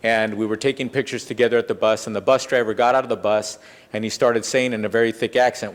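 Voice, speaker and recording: A man on a city council giving an earnest, measured speech with frequent fillers, in a large council chamber. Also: on the low side, steady tone. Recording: long reverb of a council chamber.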